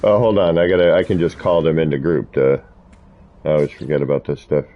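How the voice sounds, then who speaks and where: A man's voice: very deep voice, little pitch movement, brisk, narrow, tinny audio. A man streaming a video game, chatting in a rambling way with players who join him in voice chat. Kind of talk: casual live-stream chat while gaming.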